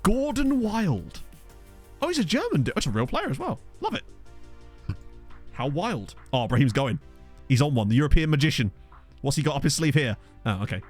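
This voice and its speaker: A man streaming a football management game, chatting fast with his viewers, laughing often and getting excited at the action. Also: mid-range voice, faint music behind. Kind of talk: casual live-stream commentary with chat. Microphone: desk microphone.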